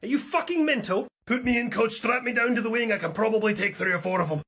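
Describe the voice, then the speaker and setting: A man voicing a brash, hotheaded young man who talks loud and fast. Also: sits high, slightly rough, voice pushed up, exaggerated voice. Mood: cocky.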